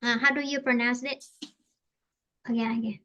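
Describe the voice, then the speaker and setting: The audio is dull as a Vietnamese woman, speaking with her native accent, teaches English online. Her voice is on the high side, steady and sharp, and she falters along, often repeating and reformulating her words.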